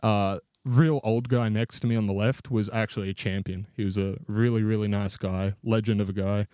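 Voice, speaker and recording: A man's voice: on the low side, fairly even intonation, moderate pace, warm tone, smooth, no room sound, clean studio sound. A young man co-hosting a podcast, telling a long self-mocking story in a rambling way and laughing as he goes. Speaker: podcast co-host. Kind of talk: casual storytelling.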